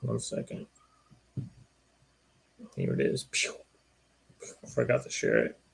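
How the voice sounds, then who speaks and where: A man hosting a casual sports podcast with a relaxed, joking manner. His voice sits at an ordinary middle pitch, and he talks in a loose, friendly way. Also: measured pace, vocal fry, husky. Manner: easygoing, joking banter. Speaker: podcast host. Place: live-streamed podcast.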